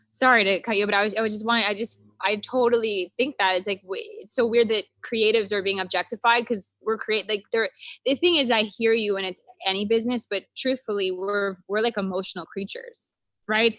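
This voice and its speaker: A woman's voice: medium pitch, a bit bright, no echo. Chatty host woman, dry close sound. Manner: rambling, acts out quotes. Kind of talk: casual conversation.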